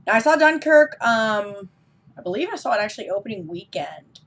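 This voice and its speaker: A woman's voice: medium pitch, sing-song, brisk, a bit bright, husky. A woman giving a casual, enthusiastic film review as a vlog host, with frequent ums.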